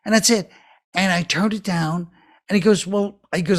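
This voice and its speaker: High-voiced man telling self-mocking stories. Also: steady tone, a little fast. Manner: self-deprecating storyteller. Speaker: podcast guest. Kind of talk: casual anecdote telling.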